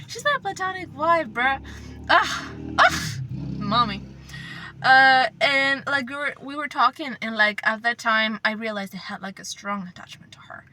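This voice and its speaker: Bright-voiced young woman rambling casually. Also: on the high side, slight background noise. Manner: rambling, profane, effusive, slips into whispers. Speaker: channel host. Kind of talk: casual chat.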